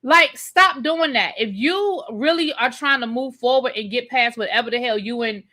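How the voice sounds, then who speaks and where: Woman host for a casual live recap show, bright and a bit high, loose and talkative with the chat. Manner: chatty, repeats phrases for emphasis, talks to live chat. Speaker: TV review host.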